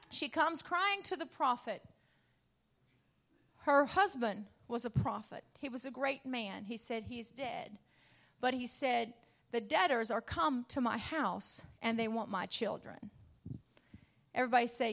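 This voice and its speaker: High bright-voiced woman preaching. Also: lively intonation, moderate pace. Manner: call-and-response preaching, rising to loud emphatic passion. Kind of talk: sermon.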